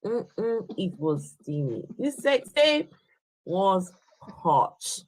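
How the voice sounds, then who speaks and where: A woman hosting a casual livestream chat, animated and quick to laugh and exclaim. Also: mid-range voice. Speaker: livestream host.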